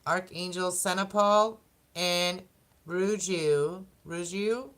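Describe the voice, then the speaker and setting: Lady reading animal spirit cards, slow and kinda low voice, rambly, laughs a lot. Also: steady tone, fairly bright tone. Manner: rambling, chatty, laughs often, stumbles over words. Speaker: tarot and oracle card reader. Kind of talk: casual card reading for zodiac signs.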